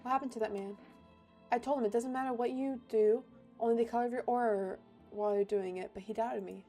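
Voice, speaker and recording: A woman's voice: on the high side, fairly even intonation, fast, dark tone, faint music behind, close to an everyday voice. A woman voicing a smug, pushy mystic fortune-teller in a game, talking in a grand, sweeping, mystical way.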